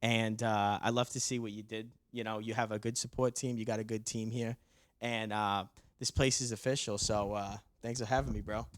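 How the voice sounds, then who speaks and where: A man's voice: fairly low pitch, flat delivery, normal speed, no echo, clean studio sound. A man with a Staten Island accent, a podcast guest in casual chat, easygoing and agreeable. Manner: easygoing, agreeable, short replies.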